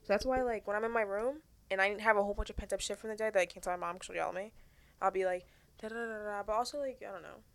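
A young woman talking fast and animatedly in a casual podcast chat, swearing often. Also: mid-range voice, gravelly. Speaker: podcast co-host.

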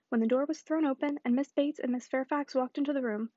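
A woman reading a classic novel aloud in an even, unhurried narrating voice. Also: high-pitched, no echo, highs cut off. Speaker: audiobook reader.

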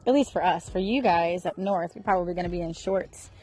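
A woman in her thirties from Florida, chatting casually to her viewers in an expressive vlog, recorded outdoors. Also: on the low side, a little fast, slightly rough, rough recording. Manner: chatty and expressive, rising into excited bursts. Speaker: vlogger.

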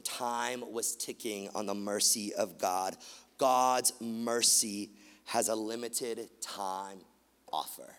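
A man preaching a sermon, animated, swinging from loud emphatic lines to quiet, hushed ones. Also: fairly low pitch, slow. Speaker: pastor. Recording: long hall reverb.

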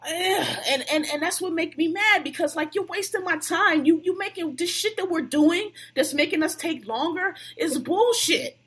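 A woman's voice: extremely high pitch, normal speed, few pauses, fairly bright tone. A woman on a podcast venting at length in a heated, profane, casual rant.

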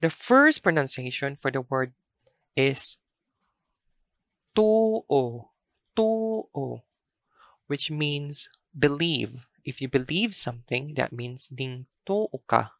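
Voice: mid-range voice, expressive, a little slow, a bit bright, no echo, clean studio sound. A language teacher giving a pronunciation lesson, carefully repeating each word twice.

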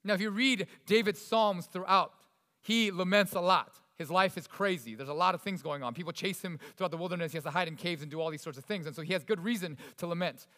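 A man preaching a sermon in an expressive, conversational way, swinging between loud emphasis and quiet asides. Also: high voice, fast talker. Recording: long reverb of a large hall.

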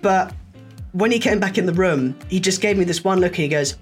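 A man telling stories in a casual chat, lively and acting out the people he quotes. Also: high voice, a little fast, faint music behind. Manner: animated storyteller, acts out quoted voices.

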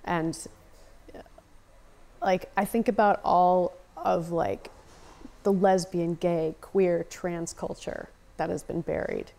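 A woman's voice: on the low side, fairly even intonation, slow, gravelly, warm tone. An American woman talking passionately as a podcast guest, swearing freely and saying "like" often. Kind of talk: casual conversation.

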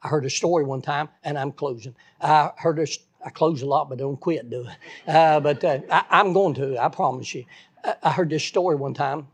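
Husky-voiced earnest man preaching. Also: a little high, normal speed. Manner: earnest, folksy, repeats phrases, stammers on restarts. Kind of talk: sermon.

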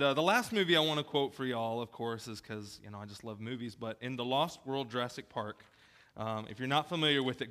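Male preacher, casual and talky, bright tone, wanders into funny asides. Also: medium pitch. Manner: chatty, self-deprecating asides. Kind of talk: casual sermon. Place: church gym.

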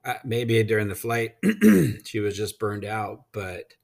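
A man's voice: lowish voice, sing-song, slow pace, gravelly, a little mellow. Blunt, rambling man telling a story. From United States. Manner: blunt, swears freely, rambling with many ums. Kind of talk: casual anecdote.

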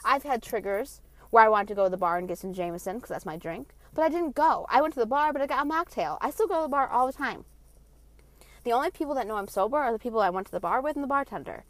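Woman going off on a rant, swears a lot, kinda high voice, super dry sound. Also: no room sound. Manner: heated, profane, blunt, fast swings in loudness. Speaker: vlogger. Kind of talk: ranting monologue.

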